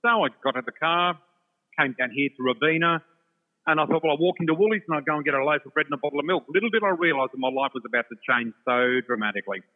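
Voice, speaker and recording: A man telling an animated personal story, laughing often and acting out the other voices, from a shopping centre. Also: fairly high pitch, racing. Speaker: storyteller guest. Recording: tinny phone line with long reverb.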